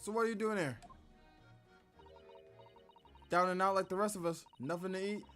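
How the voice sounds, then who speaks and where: A man's voice: high-pitched, fast, a bit bright, soft background music. A man voicing a brash, streetwise young female pickpocket, talking back in snappy slang while reading game dialogue on stream. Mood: wary.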